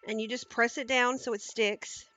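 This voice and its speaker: A woman's voice: on the high side, fairly even intonation, normal speed, sharp tone. A woman cooking on a live stream, chatting casually and talking viewers through each step into a headset mic in her home kitchen.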